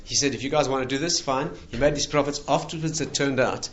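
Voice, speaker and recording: Male rabbi, chatty storyteller, mid-pitched voice, slightly dull lo-fi sound. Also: quick pace, slight background noise. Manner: animated anecdotes, laughing at punchlines. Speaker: rabbi and lecturer. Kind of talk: conversational storytelling talk.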